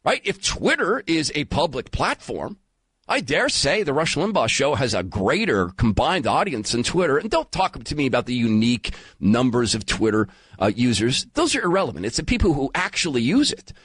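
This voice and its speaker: Guy around fifty hosting talk radio, husky voice, bouncy pitch, dry close mic. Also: normal speed, no echo. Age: 50s. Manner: animated, emphatic, turns emotional. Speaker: guest radio host. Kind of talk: talk radio monologue and call-in.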